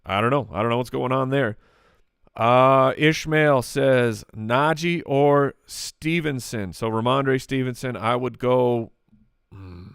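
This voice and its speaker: Casting: man, podcast host, smooth clear voice, dry close mic, quick joking delivery. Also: mid-range voice, fairly bright tone, no echo. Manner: rapid-fire, joking, lots of restarts and fillers. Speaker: podcast host answering listener questions. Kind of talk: live podcast chat.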